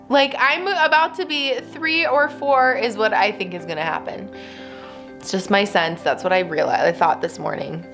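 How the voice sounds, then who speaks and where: A woman in her thirties vlogs from home in an open, chatty way, peppering her talk with "like". Her voice sits at an ordinary middle pitch. Soft music plays faintly underneath. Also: normal speed. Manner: chatty, candid, leans on "like". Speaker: vlogger. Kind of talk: candid personal vlog talk.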